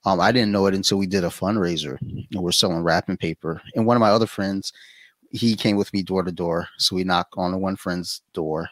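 A man chatting casually as a podcast guest, telling blunt, profane stories with animated quoted asides. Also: low-pitched, a little fast, no echo. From Saudi Arabia.

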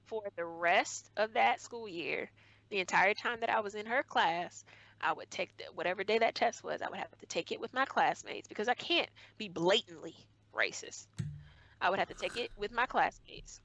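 A woman's voice: medium pitch, moderate pace, vocal fry, fairly bright tone, dry recording, dull audio. A young woman guest in a conversation, earnestly retelling a hurtful school memory, often acting out what was said. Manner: earnest, emotional retelling with acted quotes. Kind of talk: personal storytelling in conversation.

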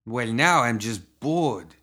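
A man's voice: mid-range voice, normal speed, fairly bright tone, lightly acted. A man voicing a cruel, sneering male gunslinger outlaw with a menacing drawl. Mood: surly.

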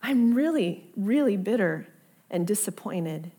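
A woman pastor preaching a sermon in a conversational, earnest way, dropping softly to a near-whisper when she repeats the invitation. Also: mid-range voice, lively intonation, slow pace.

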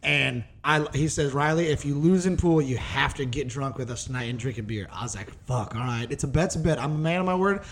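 A man's voice: mid-range voice, a little fast, hardly any pauses. A young man co-hosting a podcast, telling stories in a profane, casual way and saying "dude" often. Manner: profane, storytelling, says "dude" a lot. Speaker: podcast co-host. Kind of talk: casual chat.

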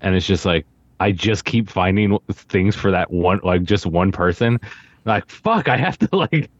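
A man's voice: deep voice, expressive, unhurried, no room sound, highs cut off. A man co-hosting a podcast in casual chat, easygoing and often laughing along with short agreements. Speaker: podcast co-host.

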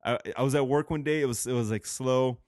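A man's voice: mid-range voice, steady tone, fast talker, darkish tone, no room sound, clean studio sound. A man co-hosting a show, talking in crude, rambling casual banter, swearing a lot and laughing often. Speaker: podcast co-host.

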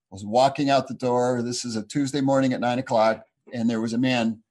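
A man's voice: medium pitch, a little mellow. Earnest man telling his testimony. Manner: earnest, halting, reflective, with restarts. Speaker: speaker sharing a personal testimony. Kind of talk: personal faith testimony.

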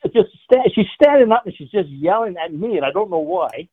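A man's voice: high-pitched, expressive, fairly quick, husky, no room sound. An older man telling a profane hockey story, laughing often. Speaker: guest, former hockey player. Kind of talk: casual storytelling. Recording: dry tinny phone-like line.

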